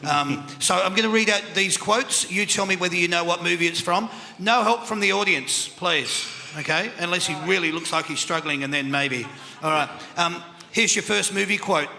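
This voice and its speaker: A man's voice: high voice, normal speed, creaky, sharp tone. Upbeat Australian man hosting a quiz. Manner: upbeat, chatty, laughs often. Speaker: quiz host. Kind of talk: live panel show quiz hosting. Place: country club function room. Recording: reverberant hall with crowd noise.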